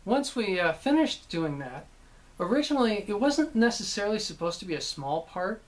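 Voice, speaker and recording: A man's voice: on the high side, a bit bright. Rambling man telling old studio stories. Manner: rambling, many ums and restarts. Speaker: voice actor recalling his work. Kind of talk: casual anecdotal talk.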